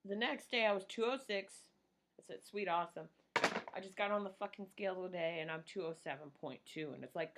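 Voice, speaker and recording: Rambling, swearing woman in her thirties. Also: medium pitch. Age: 30s. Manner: rambling, profane and self-mocking. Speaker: vlogger. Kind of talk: casual chat while doing makeup.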